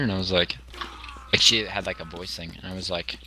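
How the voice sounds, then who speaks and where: A man's voice: low voice, steady tone, racing, bright, forceful tone. A young man chatting casually while playing a shooter game, rambling with lots of likes and frequent laughs. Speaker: gamer. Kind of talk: casual gameplay chat. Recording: gunfire noise behind.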